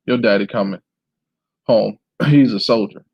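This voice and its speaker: A man's voice: fairly low pitch, unhurried, vocal fry, slightly rough, no echo, exaggerated voice. A man reading the part of a dismissive twelve-year-old girl in a memoir, on a dull dry recording.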